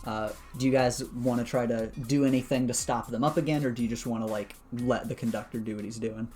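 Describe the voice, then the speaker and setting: Laid back guy running a tabletop game, lots of uhs, mid pitch, faint music under it. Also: quick pace. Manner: relaxed, lots of "uh" fillers, chuckles. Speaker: game master.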